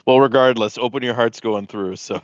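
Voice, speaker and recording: A man's voice: medium pitch, steady tone, brisk, clean tone, dry recording. A man co-hosting a podcast in casual chat, eagerly chiming in and agreeing with the others. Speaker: podcast co-host. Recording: dull lo-fi mic sound.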